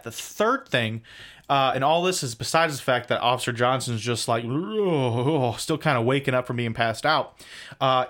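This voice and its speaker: A man co-hosting a casual podcast livestream, rambling through details with self-deprecating asides and quick jokes. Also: medium pitch, fairly bright tone. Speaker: podcast co-host.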